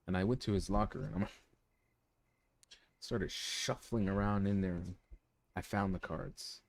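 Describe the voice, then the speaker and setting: A man's voice: low-pitched, unhurried. Man spinning a heated story on stream. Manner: animated, profane, lots of restarts and "you know". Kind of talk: casual storytelling to a live chat.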